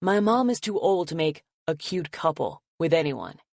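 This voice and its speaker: A woman voicing a protective, possessive young man who curses casually and grumbles low. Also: very animated, moderate pace, darkish tone, dry recording, studio quality, full character voice. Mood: grumbling. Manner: gruff, curses casually, drops his voice low.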